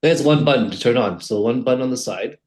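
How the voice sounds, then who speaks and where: A man, a company head, demoing his product as a podcast guest, halting and restarting his sentences. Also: mid-range voice, darkish tone. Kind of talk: casual product demo in an interview.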